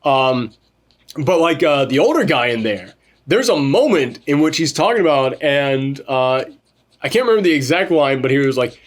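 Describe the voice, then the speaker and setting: A man co-hosting a casual film review chat, animated, swearing freely and mimicking characters as he goes. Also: mid-range voice, moderate pace. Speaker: podcast co-host reviewing a film.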